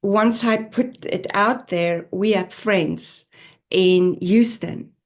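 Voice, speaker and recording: Slow-spoken South African woman. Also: medium pitch. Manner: earnest, reflective, with soft laughs. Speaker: podcast guest. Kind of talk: personal storytelling interview.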